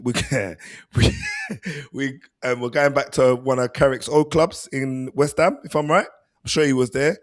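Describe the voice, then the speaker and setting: A man's voice: medium pitch, steady tone, measured pace. Laid-back man talking football. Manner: laid-back, chatty, uses "mate" and "bruv". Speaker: podcast co-host, football pundit. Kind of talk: casual football chat.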